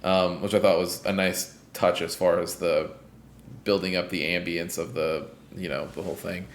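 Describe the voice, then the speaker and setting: A man with a lowish voice co-hosts a casual gaming podcast, retelling scenes with animated energy and loose swearing. His voice sits in a roomy, echoing space. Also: normal speed. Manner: animated storytelling, acts out game characters, swears freely. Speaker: podcast co-host. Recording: roomy echo.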